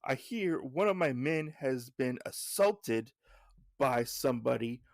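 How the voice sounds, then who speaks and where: Brief: arrogant gangster cat boss, blustering and threatening, gravelly, dry close sound, read by a man. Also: mid-range voice, lively intonation, slow, dry recording.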